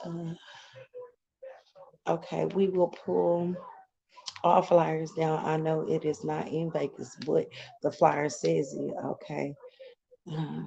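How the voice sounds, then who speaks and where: A woman's voice: sits low, vocal fry, darkish tone, muffled recording. A middle-aged woman chatting casually on a live stream, greeting viewers by name and laughing often.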